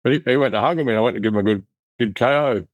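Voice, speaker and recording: A middle-aged Australian man telling his life story in an interview, in a rough, blunt, animated way, acting out the voices of people he quotes. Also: medium pitch, very fast, no echo, lo-fi sound. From Western Australia. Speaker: interview guest. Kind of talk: casual storytelling.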